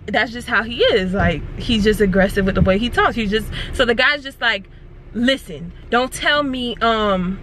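Loading her car outside with traffic faintly in the background, a young vlogger with a medium-pitched voice shares a story with her viewers, animated and relaxed.

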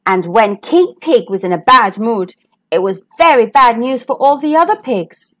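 A woman hosting a storytime channel, reading a children's picture book aloud with lively expression. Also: a little high, normal speed. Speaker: storytime host.

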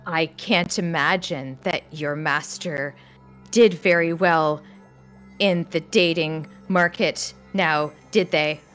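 A woman puts on a tall, emotional half-elf man in a fantasy game, his voice lifting a little higher as he stumbles through flustered, rambling apologies. Faint music sits behind. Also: steady tone, slow, fairly bright tone. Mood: snide.

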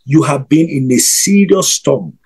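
Husky preacher man. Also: on the high side, expressive, a little slow, darkish tone. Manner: emphatic, repeats each declaration. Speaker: guest minister. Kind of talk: prophetic declaration and prayer. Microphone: video call.

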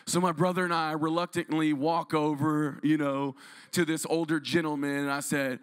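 A man's voice: on the high side, moderate pace, clean tone. A man from Texas preaching as a guest pastor, telling stories energetically and calling for responses from the congregation. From Dallas-Fort Worth, Texas. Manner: energetic, storytelling, audience call-and-response. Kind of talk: sermon. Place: large room used as church.

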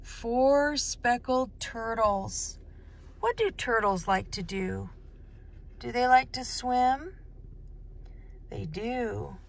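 A woman reading a picture book aloud to young children, speaking slowly in a sing-song way and asking the listener many questions. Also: a little high, vocal fry. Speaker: children's storytime host.

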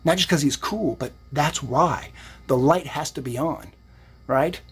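Very husky upbeat man. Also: a little high, a little slow. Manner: upbeat, motivational, rambling. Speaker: psychic and fitness streamer. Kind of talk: casual live-stream talk.

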